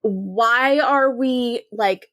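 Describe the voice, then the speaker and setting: A woman co-hosting a podcast in casual chat, heavy on fillers and quick agreeing murmurs, swearing now and then. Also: a little high, a bit bright, no echo, clean studio sound. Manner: lots of filler words and affirming murmurs, occasional swearing. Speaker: podcast co-host. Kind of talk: casual chat recapping a TV episode.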